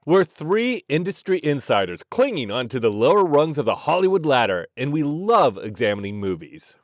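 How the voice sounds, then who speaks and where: A man co-hosting a podcast in casual chat, upbeat and laughing a lot, with a game-show-like pitch. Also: very animated, moderate pace, no echo, studio quality. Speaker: podcast co-host.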